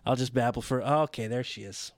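A man co-hosting a casual chat about wrestling, excitable and rambling, often laughing as he talks. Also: mid-range voice, fairly quick, dry recording, clean studio sound. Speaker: podcast co-host.

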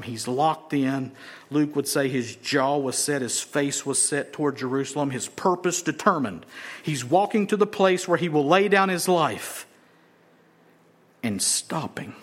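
A man preaching a sermon, acting out crowd voices and swinging from shouts down to whispers. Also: a little high. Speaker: pastor.

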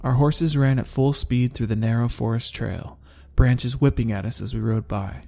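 A man narrating a first-person audiobook in a steady, measured reading. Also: medium pitch, vocal fry.

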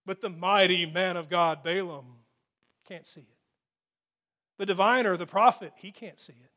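A man with a notably high voice preaching a sermon. He retells a Bible story like a storyteller, animated and quick to joke. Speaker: pastor.

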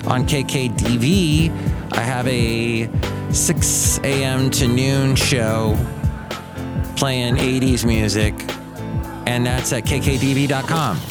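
A man's voice: mid-range voice, fairly even intonation, slow, loud music behind the voice. Rambling middle-aged male podcast host. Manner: rambling, self-interrupting storyteller. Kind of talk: casual solo podcast chat.

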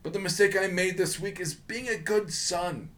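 A man's voice: high voice, normal speed, a bit bright. A man co-hosting a podcast, ranting sarcastically in casual talk, getting worked up and swearing. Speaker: podcast co-host. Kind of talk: casual comedic rant.

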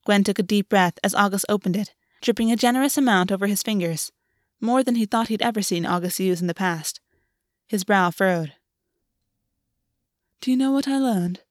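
A woman reading a fan fiction story aloud in a steady, even narration. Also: medium pitch, a little fast, no echo, clean studio sound. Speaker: audiobook reader.

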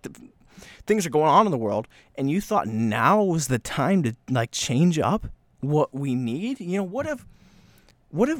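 Rambling, animated male podcast host. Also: medium pitch, dry recording. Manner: scattered, self-mocking, slips into quick voiced bits. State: slightly breathless from talking fast. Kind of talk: rambling solo podcast chat.

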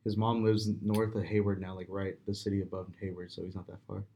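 Fast-talking deep-voiced young man. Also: level tone, dark tone, breathy edge. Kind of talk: casual chat.

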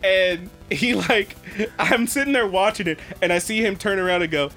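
A man co-hosting a podcast, telling a story in casual chat, animated and swearing freely. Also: high voice, normal speed, faint music behind. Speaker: podcast co-host.

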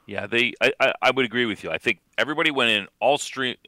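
A man's voice: medium pitch, quick pace, bright, forceful tone, dry recording. A man with a Canadian accent, co-hosting a casual chat, rambling with plenty of fillers and jokes. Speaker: co-host.

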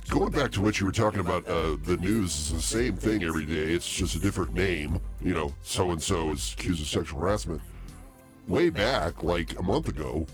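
Sick, coughing co-host, a man with a very deep voice, joking, music playing clearly behind. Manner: laughs easily, joking. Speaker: podcast co-host. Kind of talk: casual chat.

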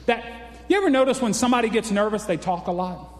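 A man's voice: high-pitched, expressive, quick pace. A man preaching a folksy, exclamatory sermon, often calling out for an amen. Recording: echoey hall reverb.

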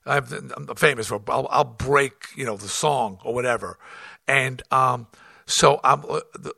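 A man, a rock band front man, telling tour stories in a blunt, profane, animated way, acting out what was said and often restarting his sentences. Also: mid-range voice, unhurried, creaky, dry recording, studio quality. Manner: animated, acts out quotes, frequent restarts. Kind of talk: casual storytelling.

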